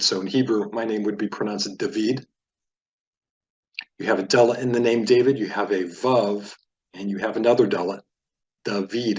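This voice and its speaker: A man teaching a beginner reading lesson, patiently explaining sounds step by step. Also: on the low side. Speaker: Hebrew teacher.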